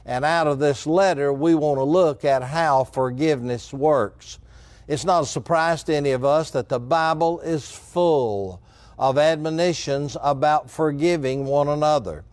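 A man preaching a measured, earnest sermon, addressing his congregation directly. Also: on the high side, darkish tone, dry recording. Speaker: pastor.

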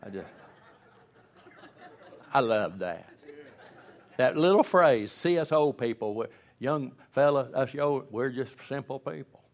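A man's voice: medium pitch, expressive, a little slow. Folksy joking older male preacher. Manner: folksy, joking, rambling with restarts. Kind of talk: humorous storytelling sermon.

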